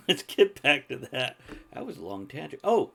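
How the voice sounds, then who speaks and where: A man's voice: fairly high pitch, sing-song, measured pace, creaky, fairly bright tone, slight background noise. A man hosting a loose, casual talk show. His voice rises and falls a lot as he talks, and he laughs often and swears freely. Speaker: podcast host. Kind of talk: casual chat.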